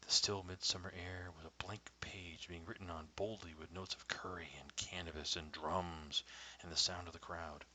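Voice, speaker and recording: Brief: man, low voice, measured first-person storytelling, slips into hushed whispers, faint hiss. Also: fairly even intonation, low-quality recording. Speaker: storyteller reading his own story.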